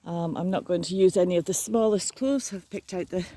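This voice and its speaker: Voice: medium pitch, a little fast, dark tone, no echo. An older vlogger chatting casually in a matter-of-fact way while working outdoors in a garden. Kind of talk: casual chat.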